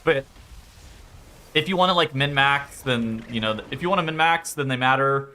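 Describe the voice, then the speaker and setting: A man's voice: medium pitch, moderate pace, sharp tone. A man chatting casually on a game stream, rambling, swearing freely and laughing often.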